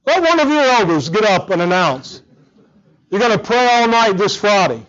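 A man's voice: high voice, big pitch swings, normal speed, fairly bright tone, dull audio. A man preaching a sermon, earnest and emphatic, often repeating words as he drives a point home. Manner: earnest, emphatic, with frequent repetitions.

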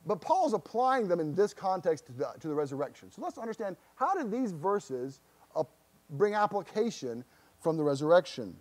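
A man's voice: high voice, big pitch swings, moderate pace, darkish tone. A man preaching a sermon to his congregation as pastor, earnest, often repeating words and putting searching questions to the listeners. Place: church.

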